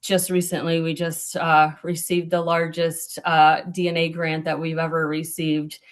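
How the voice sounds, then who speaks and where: A woman serving as a small-town mayor, speaking at a town hall with a slightly low voice. She is earnest and a bit halting, dropping in ums and correcting herself as she goes. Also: little pitch movement. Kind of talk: prepared remarks at a town hall.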